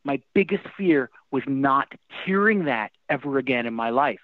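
A man's voice: mid-range voice, moderate pace, no room sound. A middle-aged man, a rock singer and guest, telling stories animatedly in a casual interview. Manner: animated storyteller with restarts and fillers. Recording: thin phone-like line, dry.

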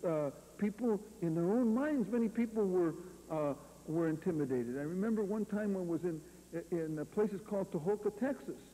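A guest lecturer from California gives a rambling, story-filled talk in a university lecture hall, often throwing out rhetorical questions and "you see." His voice sits high and mellow, and the poor audio has a reverberant hall and faint hum.

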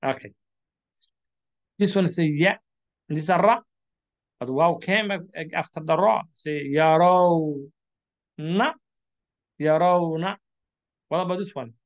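Slow, deliberate Somali-accented man teaching. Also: a little high, creaky. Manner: slow and deliberate, repeating and drawing out each syllable. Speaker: Quran reading teacher. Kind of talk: slow classroom instruction.

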